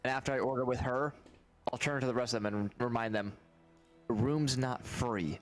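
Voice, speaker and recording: A man's voice: medium pitch, fairly even intonation, quick pace, soft background music. A man playing in a tabletop game, talking casually and bickering about the details. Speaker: player.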